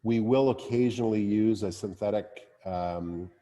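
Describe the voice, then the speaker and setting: A man's voice: lowish voice, measured pace, mellow, long reverb tail. A man, a winemaker, speaking casually at a wine tasting, with many fillers and restarts. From Canada.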